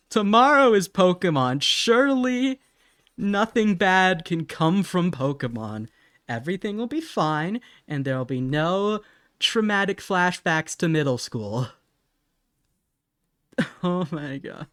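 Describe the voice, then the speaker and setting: A man's voice: high-pitched, lively intonation, takes it slowly, a bit bright, no room sound, clean studio sound. A young man chatting casually on a live stream while he draws, laughing often and apologizing in a self-mocking way.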